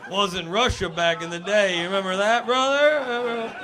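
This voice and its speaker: A man's voice: sits high, fairly quick. A man doing stand-up comedy and crowd work in a comedy club, teasing the audience with sarcastic, ironic jokes. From Minnesota. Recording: echoey room from a distance, loud noise.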